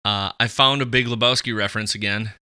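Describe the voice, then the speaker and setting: Very bright-voiced man chatting loosely. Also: fairly low pitch, quick pace, clean tone, no echo, clean studio sound. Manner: animated, rambling, many fillers. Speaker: podcast co-host. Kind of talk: casual chat.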